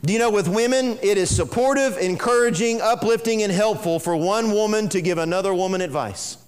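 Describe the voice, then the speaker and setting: A man's voice: sits high, a little fast, clean tone, big-room sound. A man preaching a sermon, emphatic and repetitive, speaking straight to his congregation. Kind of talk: sermon on marriage.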